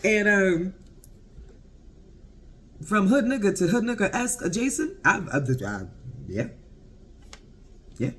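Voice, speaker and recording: A man giving a casual, profane episode recap, animated and laughing often. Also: sits high, slow, long pauses, a little hiss or hum. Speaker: TV show reviewer.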